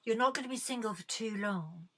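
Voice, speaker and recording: A woman's voice: fairly high pitch, fairly quick, a crowd in the background. A woman hosting a live late-night show, chatting theatrically and sarcastically while reading out viewer comments and eating chocolate. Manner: camp, sarcastic and theatrical, with swearing; chews chocolate while talking. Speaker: host of a late-night livestream.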